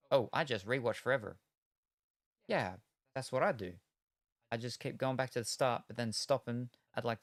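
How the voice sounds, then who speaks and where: A man's voice: medium pitch, dry recording. A man chatting casually while opening trading cards, rambling through meandering retellings full of hedges and trailing asides. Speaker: card-opening streamer.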